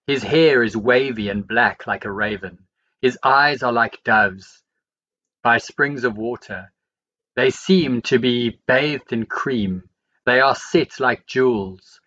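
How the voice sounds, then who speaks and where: Guy reading bible verses slow and steady, bright forceful voice, kinda muffled lo-fi sound. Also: mid-range voice. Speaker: Bible reader. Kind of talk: scripture reading aloud.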